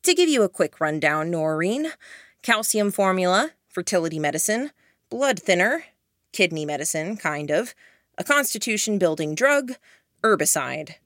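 A woman's voice: fairly low pitch, big pitch swings, normal speed, a bit bright, dry recording, clean studio sound. A woman voicing a sly, cold-blooded teenage boy in an audiobook, speaking in a cutting, mocking way.

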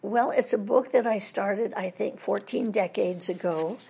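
An older American woman with a gravelly, slightly husky voice tells stories from her career in a relaxed interview. She is animated and quick to laugh, rolling one anecdote into the next. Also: medium pitch. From United States. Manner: lively anecdotal storyteller, laughs often at her own stories. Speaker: guest, veteran voice actress. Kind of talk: casual interview storytelling.

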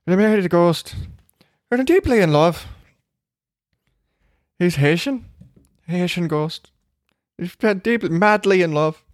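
A man's voice: fairly high pitch, fairly even intonation, normal speed, long pauses, clear, resonant tone, no room sound, studio quality, lightly acted. A man voicing a giddy, lovestruck woman in her forties who talks in a gushing, swooning way.

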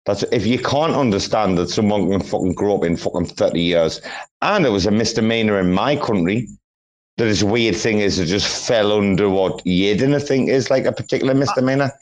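A man's voice: fairly low pitch, a little fast. A man in his forties, rambling and swearing freely in a casual group audio chat, with frequent restarts. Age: 40s.

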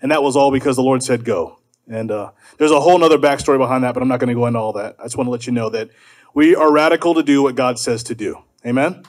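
A man's voice: mid-range voice, rapid-fire. A man from South Carolina speaking fervently at a political gathering in a preacher's style, leading the crowd in call and response. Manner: fervent, leads call and response, shouting refrains. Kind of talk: preacher-like speech to a live audience.

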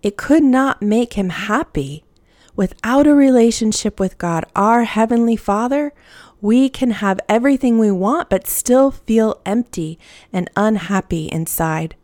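Gentle woman teaching a Bible lesson. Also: a little high, a little slow, dry recording, clean studio sound. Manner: gentle, earnest, encouraging, leads call-and-response. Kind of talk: Bible lesson for children with prayer.

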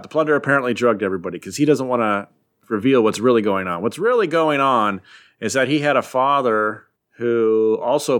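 A man's voice: medium pitch, a bit bright. A man casually recapping a comic story as a podcast host, in a rambling, jokey way with frequent filler words. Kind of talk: casual chat.

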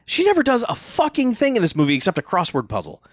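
A man's voice: high voice, wildly swooping pitch, fast talker, fairly bright tone, no room sound, clean studio sound. A man in casual podcast chat, ranting profanely about a movie. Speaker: podcast co-host.

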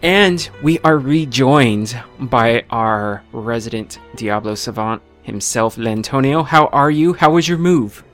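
Male podcast host, casual upbeat banter, average pitch, faint music under him. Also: expressive, slow pace, few pauses, fairly bright tone.

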